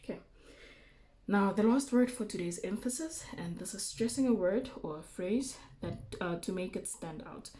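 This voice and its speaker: A woman teacher giving a recorded remote lesson, explaining terms slowly with frequent okays and ums. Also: mid-range voice, lively intonation, mellow. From South Africa.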